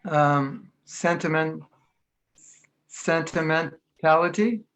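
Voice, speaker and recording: A man's voice: fairly high pitch, takes it slowly, a little hiss or hum. An American man giving an informal spiritual lecture over a video call, talking in a conversational way and acting out other people's voices. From United States. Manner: conversational, lively, acts out quoted voices. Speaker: spiritual teacher giving an online class.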